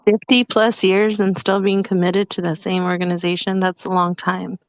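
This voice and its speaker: A woman's voice: lowish voice, level tone, normal speed. A woman co-hosting a podcast, teasing the guest in a playful, casual way. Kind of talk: casual chat. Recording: dry, dull lo-fi sound.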